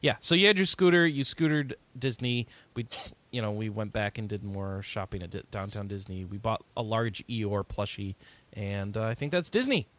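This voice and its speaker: A man's voice: fairly low pitch, normal speed, fairly bright tone. A man co-hosting a podcast, recounting a trip in easygoing casual chat with "uh"s and "um"s. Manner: easygoing, recounting trips with fillers. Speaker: podcast co-host.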